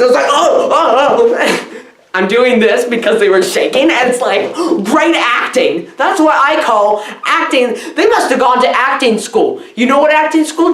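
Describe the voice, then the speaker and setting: A woman rambles through a comic film review, loud and scattered, leaping from aside to squealed quote. Her voice sits a little high. The room around her is echoey. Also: a little hiss or hum. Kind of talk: rambling deadpan comedy review.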